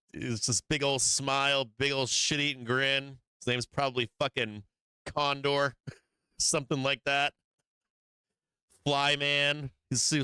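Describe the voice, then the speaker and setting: Walking his viewers through stock charts, a man hosts a live market stream full of brash, profane hype, speaking straight to his audience. His mid-range voice is pushed, bright, and smooth, and the recording is dry.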